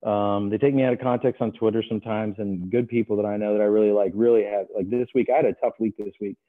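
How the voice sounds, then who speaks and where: A middle-aged man, a guest trader, talking casually and telling stories with lively acted-out voices. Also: on the low side, quick pace. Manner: animated storyteller, acts out other voices. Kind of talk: casual interview talk. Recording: tinny phone-like remote line.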